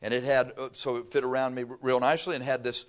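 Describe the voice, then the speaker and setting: A man's voice: medium pitch, flat delivery, quick pace, clear, resonant tone. An older man from Texas, preaching a sermon through folksy, humorous stories. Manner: folksy storytelling with laughter.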